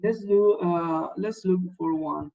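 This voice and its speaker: A man teaching an English class online, explaining slowly and checking in with his students after nearly every sentence. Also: high voice, gravelly, dark tone, highs cut off. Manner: patient, repeats words and checks in with "yes?".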